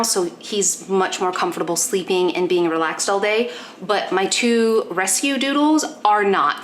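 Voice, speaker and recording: A young woman talks through her morning with her dogs in a casual, chatty vlog voice. She explains each step as she works and slips into sweet baby talk for her pets. Her pitch is mid-range, and a faint hiss and a few clicks sit behind her. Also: fairly bright tone. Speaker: pet vlogger. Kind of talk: casual vlog talk while doing chores. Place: home with dogs.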